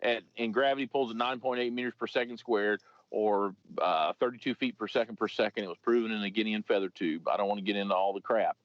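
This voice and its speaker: A man's voice: fairly low pitch, fairly even intonation, fast talker, no room sound. A man who used to be a police officer spins a rambling, profane story in casual podcast talk, full of restarts. His voice is dry and a little muffled.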